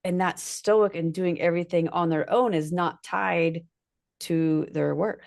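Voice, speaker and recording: Brief: woman podcast host, chatty, fairly low voice, tells personal stories. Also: fairly even intonation, a little slow, vocal fry, darkish tone. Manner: chatty, shares personal anecdotes. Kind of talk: casual podcast conversation.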